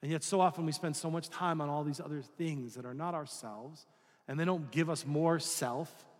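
A male pastor preaches in a conversational way, posing rhetorical questions to listeners and now and then acting out voices. His voice is a little high, at a moderate pace, and he's in a large hall.

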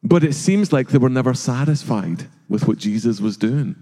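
Middle-aged male preacher, warm mellow tone, earnest sermon delivery, long church reverb. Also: medium pitch, lively intonation, moderate pace. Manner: earnest, rhetorical questions, acts out quoted voices. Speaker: pastor. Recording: long reverb of a large hall.

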